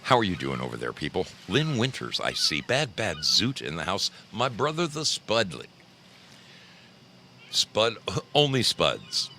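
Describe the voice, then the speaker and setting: A man's voice: sits low, sing-song, measured pace, bright, forceful tone, slight background noise. A man hosting a casual livestream, greeting viewers by name in a folksy, chatty way from a home studio. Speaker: livestream host.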